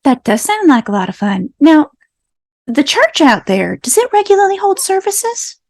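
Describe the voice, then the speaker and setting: A woman's voice: high-pitched, sing-song, normal speed, vocal fry, darkish tone, full character voice. A woman playing a friendly tourist passing through town, asking polite, curious questions in a folksy way.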